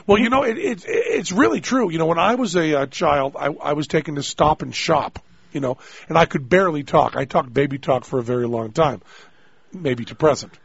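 A male radio host with a gravelly, husky voice, teasing and spinning stories with comic exaggeration. His voice sits a little high for a man. The sound is dry and slightly muffled. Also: a little fast, no echo. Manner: animated, joking, exaggerated storyteller. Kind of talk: call-in radio chat.

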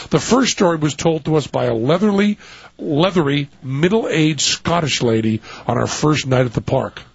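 A man's voice: a little high, gravelly, slightly rough, no echo. A man hosting a radio talk show, rambling and joking with many fillers as he reads a story aloud. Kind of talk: casual radio banter and reading aloud. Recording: dull lo-fi radio audio.

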